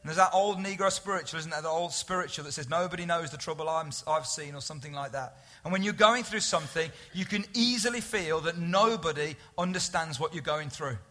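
A male pastor with a high, bright voice delivers a conversational sermon. He speaks earnestly and often dips into a soft, intimate tone.

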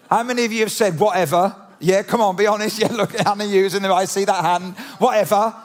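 A man preaching a sermon in a church, animated and conversational, full of rhetorical questions. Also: sits high. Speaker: pastor. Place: church auditorium.

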